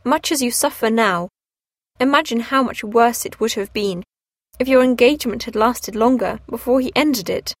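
A woman reading the lines of a sensible young woman comforting her sister in a storybook reading, earnest and gently firm. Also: a little high, normal speed, no room sound, clean studio sound, close to an everyday voice.

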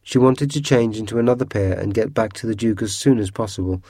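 Deep-voiced male storyteller. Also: a little fast, warm tone, no room sound, studio quality. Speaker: narrator. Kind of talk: storybook reading.

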